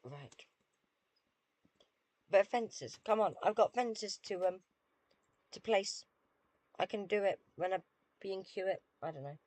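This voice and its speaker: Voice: mid-range voice, measured pace, long pauses, a little mellow, dry recording. A British streamer chatting casually with viewers while playing a game, dry and self-deprecating.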